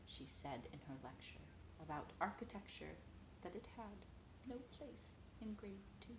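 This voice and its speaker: A woman's voice: lowish voice, animated, normal speed, creaky, roomy sound, slight background noise, low-quality recording. A woman reading a children's picture book aloud at home, sing-song and playful, talking to a toddler between pages.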